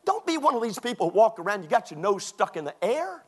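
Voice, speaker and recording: Male pastor, sermon, high voice with big pitch swings, mocking asides. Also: fast talker, husky. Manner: animated, mocking, preaching with quoted put-on voices.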